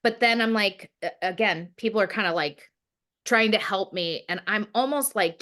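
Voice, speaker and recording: A woman's voice: mid-range voice, moderate pace, a bit bright. A woman telling a personal story in a casual interview, rambling with many fillers and acting out her own past words. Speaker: guest.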